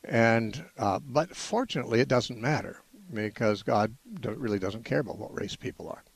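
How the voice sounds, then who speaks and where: A man hosting a call-in radio Bible show, explaining in a measured way with frequent "uh" restarts. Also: mid-range voice, gravelly, breathy edge, no room sound. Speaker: radio Bible-answer host.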